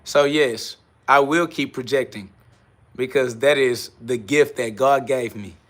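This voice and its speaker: A man's voice: mid-range voice, unhurried. A man hosting a live stream, answering chat in a brash, confrontational, profane way and mocking commenters. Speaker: livestream host.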